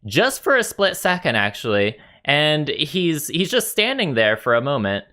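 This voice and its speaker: Game master, male, bright tone, loose filler-heavy narration. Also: a little high, sing-song, moderate pace. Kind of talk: narrating a tabletop game over voice chat.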